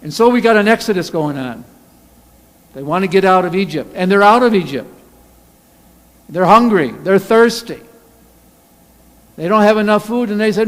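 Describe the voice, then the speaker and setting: Pastor, male, high voice, lively sermon delivery with loud acted-out quotes, church hall reverb. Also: moderate pace. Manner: animated, acts out angry quotes loudly. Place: church sanctuary.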